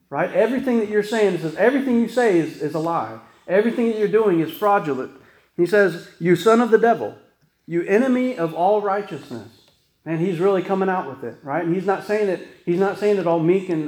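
A man's voice: fairly high pitch, a little mellow. A man preaching a conversational sermon, telling stories with frequent asides to the congregation. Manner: folksy storytelling, frequent "right?" asides. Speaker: pastor. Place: church sanctuary. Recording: echoey church room.

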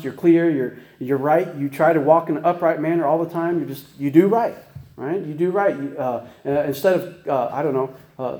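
A man delivers a casual, folksy sermon, tumbling quickly through stories with restarts and frequent "right?" asides. His voice sits a touch high yet sounds mellow and warm. The room around him rings with noticeable echo. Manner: folksy, chatty, many restarts and rhetorical "right?". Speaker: preacher.

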